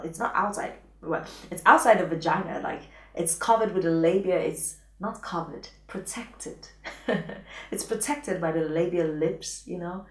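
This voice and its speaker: A woman's voice: lowish voice, a little slow. A woman giving frank, playful intimacy advice as a coach, often dropping into a whisper. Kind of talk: advice vlog talking to camera. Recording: echoey room, voice distant from mic.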